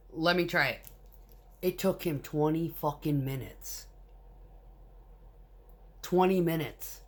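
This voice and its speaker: A woman, a concrete mixer truck driver, telling work stories in a blunt, casual way full of swearing. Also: lowish voice. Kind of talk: casual storytelling.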